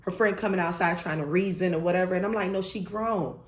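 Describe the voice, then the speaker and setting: A young woman vlogger telling a storytime story in an animated, emphatic way, swearing freely. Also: on the low side, fast. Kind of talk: storytime vlog. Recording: roomy echo.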